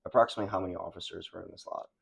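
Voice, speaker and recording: A man with a very low voice and a gravelly fry asks questions in a calm, measured way. He takes the part of interviewer in a conversation with his wife. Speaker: husband and interviewer.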